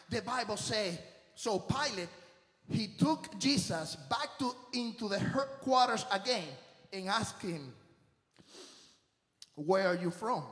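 A middle-aged man preaching a sermon in non-native English, moving between hushed testimony and shouted declarations. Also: extremely high pitch. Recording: echoey hall.

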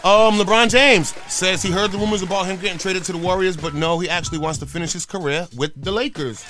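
A man's voice: high-pitched, steady tone, fast talker, sharp tone, faint music behind. A man hosting a morning radio show, reading entertainment headlines and riffing on them casually. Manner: casual, reads items then riffs. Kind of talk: casual radio news roundup.

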